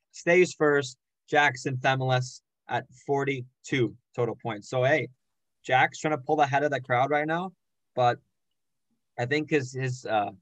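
A man's voice: medium pitch, a bit bright, no echo, low-quality recording. Jokey man reading out standings, dry sound. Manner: jokey, rattles off names and standings. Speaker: podcast host. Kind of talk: casual sports podcast chat.

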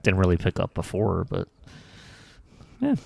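Gravelly low-voiced man, dry sound. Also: huge pitch swings, measured pace, dark tone, no room sound. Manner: laid-back, short agreeing replies. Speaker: podcast co-host. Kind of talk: casual chat.

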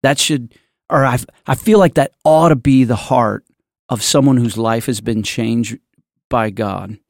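A man with a gravelly, fry-tinged voice chats on a church podcast. He tells stories in a loose, rambling way, backing up and restarting often. The sound is close and dry. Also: medium pitch, a little slow, no room sound. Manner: rambling, storytelling with many restarts. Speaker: podcast host. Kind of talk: casual church podcast chat.

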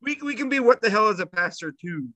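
A man's voice: sits high, lively intonation, quick pace, sharp tone, dry recording. A man co-hosting a casual podcast, mostly giving short replies and laughing along. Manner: brief backchannel replies and laughs. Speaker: podcast co-host. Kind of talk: casual chat.

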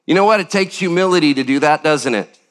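An older man preaching a sermon as pastor, animated, with sudden jumps up in pitch and acted-out quotes. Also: fast.

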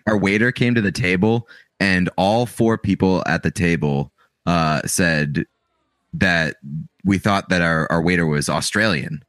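A man's voice: deep voice, measured pace, a bit bright, no room sound, studio quality. A man with a Boston accent co-hosting a casual podcast, telling stories in a wry, laid-back way. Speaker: podcast co-host. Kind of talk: casual chat. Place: remote from co-host, snowstorm.

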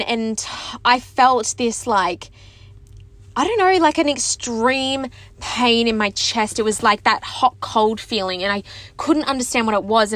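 A woman's voice: a little high, fairly bright tone, no room sound. A woman in her twenties telling a personal story to her viewers, chatty and candid, with lots of "like" and self-mocking laughs. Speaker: vlogger.

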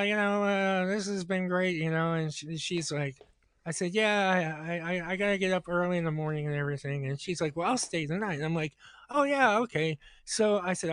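Recorded cleanly in a studio with no echo, a man with a slightly high voice spins a long, easygoing podcast story, playing both roles in the dialogue.

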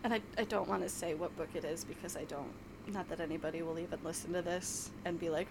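A woman's voice: fairly low pitch, fast talker, background noise. A woman from New York, co-hosting a podcast in casual chat, rambling and laughing often. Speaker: podcast co-host.

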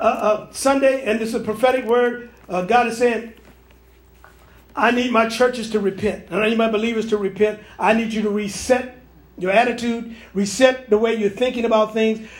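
A man, a pastor, preaching a prophetic sermon to online viewers, repeating and restarting phrases as he goes. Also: very high voice. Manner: preachy, repetitive, stammering restarts.

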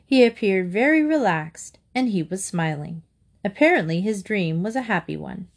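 A woman reading a children's chapter book aloud, narrating in a gentle, even way. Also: medium pitch, moderate pace. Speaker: storyteller.

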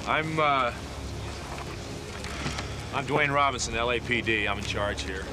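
A man doing cocky police chief, self-important, clear music in background. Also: mid-range voice, unhurried, natural voice. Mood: blustering.

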